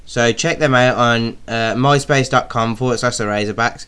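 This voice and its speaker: A man's voice: mid-range voice, fairly even intonation, normal speed, fairly bright tone, clear, resonant tone. A young man from Birmingham co-hosting a casual radio podcast, chatting loosely with frequent fillers. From Birmingham, England. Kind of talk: casual chat.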